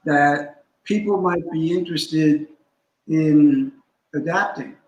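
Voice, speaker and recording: A man gives a measured, instructive explanation, taking his time over each point. His voice sits a little high for a man. The recording picks up a roomy echo around him. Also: dull audio. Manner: deliberate, instructive, spells out terms. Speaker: guest scholar. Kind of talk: teaching in a conversation.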